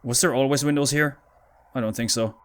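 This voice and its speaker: A man's voice: mid-range voice, fairly even intonation, a little fast, slight background noise. A frightened man commentating a horror game playthrough, pleading with the game and talking to himself. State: scared, shaky. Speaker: gaming YouTuber.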